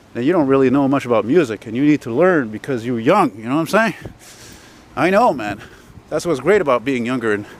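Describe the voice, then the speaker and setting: A man's voice: medium pitch, a little hiss or hum. A man in his forties from Montreal, rambling casually and swearing now and then as he films himself walking up a city street. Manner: rambling, chatty, swears casually, many fillers. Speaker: vlogger.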